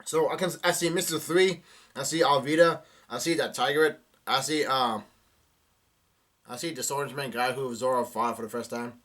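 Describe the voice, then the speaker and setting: A man's voice: mid-range voice, steady tone, normal speed, a bit bright. A young man doing a casual live reaction to a manga chapter, reading the dialogue aloud with many fillers and restarts.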